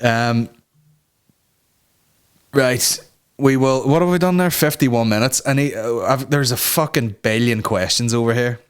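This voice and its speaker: A man's voice: medium pitch, measured pace, long pauses, clean tone. A man hosting a comedy podcast, ranting casually with lots of swearing and rambling asides. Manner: sweary, rambling, slips into mock voices. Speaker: podcast host.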